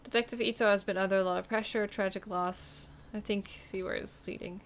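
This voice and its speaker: A woman's voice: medium pitch, fairly even intonation, brisk, a little hiss or hum, close to an everyday voice. A woman reading a bitter young female detective. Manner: wry, resentful inner monologue. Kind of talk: reading game dialogue aloud.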